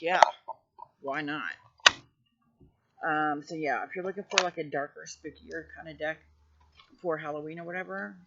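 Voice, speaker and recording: A woman casually showing off her tarot decks, gushing with effusive praise and sometimes dropping to a hushed voice. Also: fairly low pitch, muffled recording, very noisy. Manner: drops to a hushed voice at times. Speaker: tarot deck reviewer. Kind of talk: casual show-and-tell vlog.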